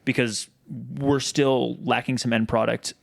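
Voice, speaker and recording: Male co-host, casual, gravelly tone, dead-dry close mic. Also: medium pitch, flat delivery, measured pace, no room sound. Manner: chatty, many restarts and fillers. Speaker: podcast co-host. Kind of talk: casual chat.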